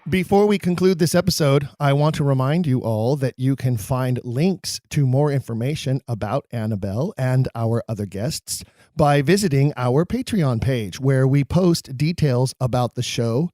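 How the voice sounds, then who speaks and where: A man's voice: medium pitch, moderate pace, dark tone, dry recording, clean studio sound. A man hosting a podcast, reading show announcements in an upbeat, promotional way. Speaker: podcast host.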